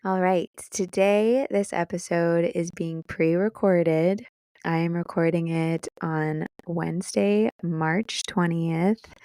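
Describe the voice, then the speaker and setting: Young woman podcast host, fry in her lower voice, unhurried, excited and teary. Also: no echo, clean studio sound. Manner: excited and emotional, laughing, fighting back tears. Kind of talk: casual solo podcast monologue.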